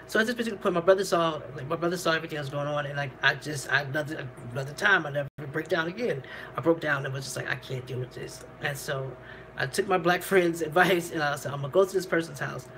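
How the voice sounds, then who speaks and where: A woman's voice: deep voice, fast, a bit bright, a little hiss or hum, rough recording. A woman vlogger telling a candid personal story, rambling and profane, laughing between lines.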